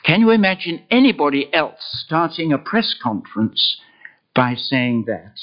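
An older man preaching a sermon, slow and emphatic. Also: muffled recording. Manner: slow, emphatic, with lively swings of pitch.

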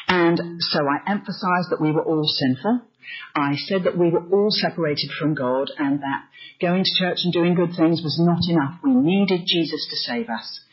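Woman preacher, sermon testimony, husky, dull lo-fi sound. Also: deep voice. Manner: earnest storytelling. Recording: slightly muffled recording.

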